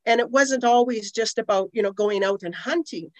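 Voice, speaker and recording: A woman's voice: a little high, moderate pace, no room sound, low-quality recording. A middle-aged woman, a guest on an interview podcast, telling long rambling stories with many asides. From Canada. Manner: rambling, conversational, many "you know" asides. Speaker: guest, aromatherapist.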